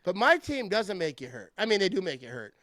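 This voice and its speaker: A middle-aged man hosting a casual sports chat, animated and trash-talking, laughing often. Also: high voice, fairly quick, dry recording. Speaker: podcast host.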